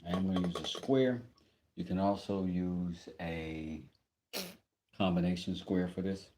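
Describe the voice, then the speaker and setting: Man, very low voice, joking woodworking livestream chat, greets viewers, clear workshop noise behind. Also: fairly even intonation, a little slow. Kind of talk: casual livestream chat while working.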